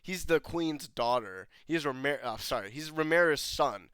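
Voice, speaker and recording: A man voicing a stern middle-aged lord who speaks slowly and firmly, forbidding violence in his house. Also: a little high, expressive, fairly bright tone, a little hiss or hum. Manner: slow, firm, laying down the law.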